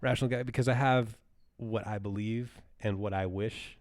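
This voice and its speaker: Man, podcast co-host, casual chat, laughs a lot, deep-ish voice, very dry sound. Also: steady tone, normal speed, darkish tone, no echo. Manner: jokey, laughs often, talks in restarts.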